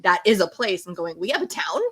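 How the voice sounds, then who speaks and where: A woman's voice: medium pitch, expressive, fairly quick, fairly bright tone, breathy edge. A woman co-hosting a radio author interview, dropping wry, jokey asides. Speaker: co-host. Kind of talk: casual interview chat.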